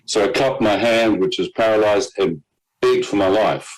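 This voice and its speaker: A man's voice: on the low side, normal speed, poor audio. Man telling a dramatic personal story. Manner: animated storyteller, quotes others in character, laughs at himself. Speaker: guest telling his testimony.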